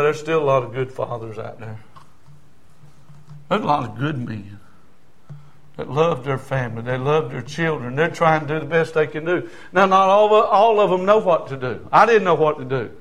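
A man's voice: on the high side, moderate pace, fairly bright tone. A middle-aged man preaching a fervent sermon and calling the congregation for amens. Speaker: pastor.

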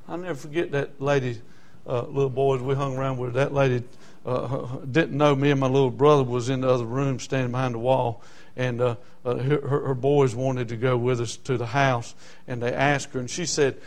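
An older man preaching a sermon, emphatic, swinging between loud exclamations and hushed asides. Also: mid-range voice, fairly even intonation, moderate pace.

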